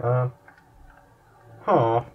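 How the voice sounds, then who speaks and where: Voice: medium pitch, drawn-out words, recorded from a distance, muffled recording, noisy background. A gamer giving let's-play commentary on a horror game, pleading and laughing nervously at the scares.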